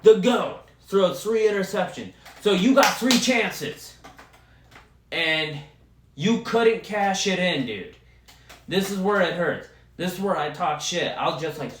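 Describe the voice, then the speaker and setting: A man's voice: sits high, animated, slow pace, a bit bright, slight background noise. Man ranting profanely about football. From Wisconsin. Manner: profane, heated sports ranting. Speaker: podcast host. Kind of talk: solo podcast rant about football. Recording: roomy echo.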